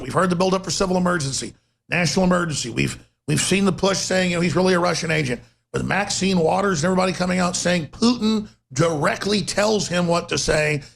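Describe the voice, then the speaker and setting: A male talk radio host delivers an emphatic, sarcastic rant, speeding up in rapid bursts. His voice is fairly high for a man, rough and gravelly with a husky edge, and a bit bright.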